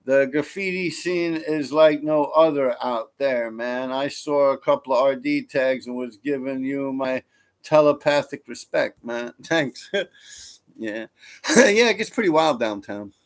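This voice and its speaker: A man's voice: medium pitch, unhurried. A man, rambling casually and profanely as he chats with viewers on his stream. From New York. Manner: rambling, profane, laid-back. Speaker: streamer reading viewer comments. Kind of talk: casual live-stream chat.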